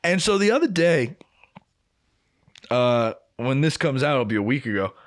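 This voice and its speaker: A man's voice: mid-range voice, moderate pace. Foul-mouthed young man telling stories. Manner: profane, animated storyteller who acts out quotes. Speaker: podcast co-host. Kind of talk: casual storytelling chat.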